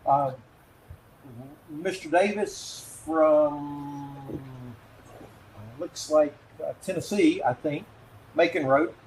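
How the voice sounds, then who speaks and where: A man with a fairly high voice moderates a panel and reads out audience questions. He hesitates and fills pauses as he goes. The sound is roomy and echoey, with faint noise underneath. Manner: hesitant, with many fillers while reading names. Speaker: webinar moderator.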